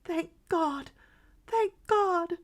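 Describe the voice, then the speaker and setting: A woman's voice: extremely slow, full character voice. A woman voicing a grief-stricken lady who cries out wildly for her stolen daughter in an audiobook. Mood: sobbing. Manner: wild, sobbing, high-pitched cries.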